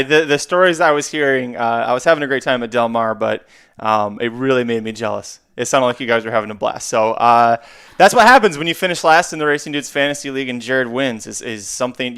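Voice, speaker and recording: Smooth-voiced man hosting a podcast. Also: mid-range voice, fairly quick. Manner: relaxed, laughs along, friendly banter. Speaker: podcast host. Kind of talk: casual podcast chat.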